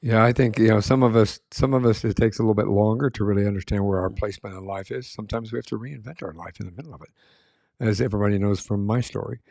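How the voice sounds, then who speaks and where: A man's voice: lowish voice, fast talker, gravelly, darkish tone, dry recording, studio quality. A man hosting a podcast interview, affirming his guest and asking long, winding questions. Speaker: podcast host. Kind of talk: interview conversation.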